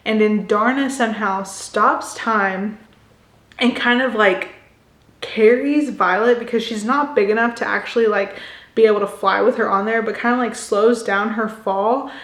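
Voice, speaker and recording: A woman's voice: mid-range voice, fairly even intonation, moderate pace, a bit bright. Chatty young woman with a roomy echo. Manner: chatty, constant "like" fillers. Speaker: book recap host. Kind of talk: casual book recap. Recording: echoey room.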